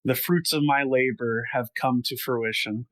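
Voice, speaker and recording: A man's voice: mid-range voice, measured pace, a bit bright, natural voice. A man doing a weary, drawling soldier. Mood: dry. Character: weary, smoking male soldier.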